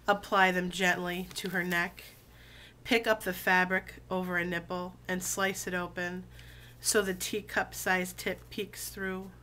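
A woman who has been sick, her voice lower than usual, chatting casually with many fillers and reading poems aloud in a slow, deliberate way. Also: pushed and bright. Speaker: video blogger reading poetry.

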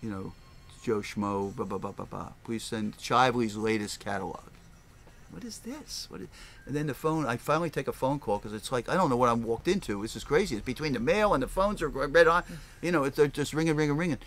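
Older man, record store owner, casual rambling storytelling, acts out quoted voices, mid-range pitch. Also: brisk, a bit bright, slight background noise. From Philadelphia area, US.

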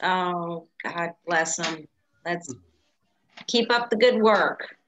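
A woman speaking gently and thankfully on a video call. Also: lowish voice, drawn-out words, a little hiss or hum.

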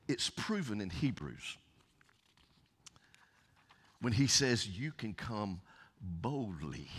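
A middle-aged Southern pastor delivers a folksy sermon in a very deep, husky voice. He drops from loud calls to near-whispers as he preaches. The sound rings with the long reverb of a church hall. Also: big pitch swings, takes it slowly, long pauses. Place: church sanctuary.

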